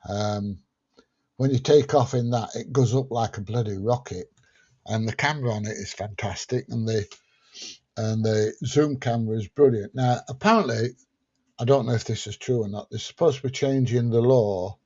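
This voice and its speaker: A man's voice: medium pitch, moderate pace, mellow, breathy edge, lo-fi sound. A man hosting a casual livestream, reading out viewer questions and answering them plainly. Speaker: livestream host answering chat. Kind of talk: casual chat.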